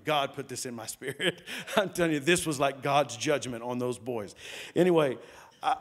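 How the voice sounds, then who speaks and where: A male pastor preaches a sermon in a slightly high voice. He tells stories with energy and raises his voice when he acts out what people said. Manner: storytelling, acts out quotes with rising pitch and loudness.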